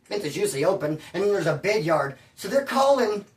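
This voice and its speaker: A man telling a casual story in an animated, slangy way, calling people bro and dude and stumbling over restarts when he gets worked up. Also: high-pitched, fairly quick, distant mic. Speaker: storyteller recounting prison life. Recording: roomy echo, voice away from the mic.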